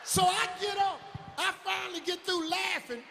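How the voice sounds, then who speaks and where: A middle-aged man doing stand-up comedy on a live stage, telling stories in a loud, profane way and often shouting. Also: very high voice, normal speed, vocal fry, background noise.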